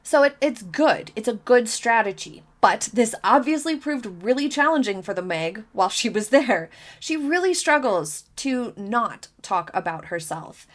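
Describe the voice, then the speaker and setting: Emphatic woman commentator, thirties, slightly high-pitched, incredulous, hammers her points home. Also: animated, measured pace, hardly any pauses. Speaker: commentary vlogger. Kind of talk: opinionated commentary.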